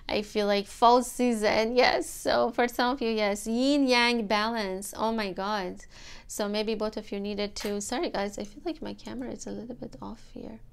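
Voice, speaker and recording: A woman giving a tarot reading to camera, gentle and emotional, with many fillers. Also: on the high side, smooth. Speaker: tarot reader.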